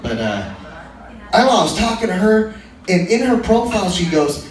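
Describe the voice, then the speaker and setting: A man's voice: high voice, very animated, fairly quick. A young man doing a casual, profane, self-deprecating stand-up set in a small comedy room. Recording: very echoey room, voice from far off, faint noise.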